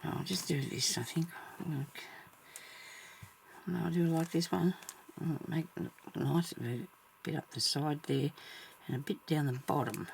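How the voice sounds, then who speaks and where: A woman with a strongly gravelly, fry-laden voice narrates her stitching in a relaxed, rambling way, half to herself and half to the viewer. She drifts off mid-sentence and sometimes drops to a hushed whisper. A faint hiss sits behind her. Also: sits low, moderate pace, few pauses. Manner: chatty, talks to herself, trails off mid-sentence; drops to soft whispers at times. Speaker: sewing vlogger. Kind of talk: casual thinking aloud while stitching.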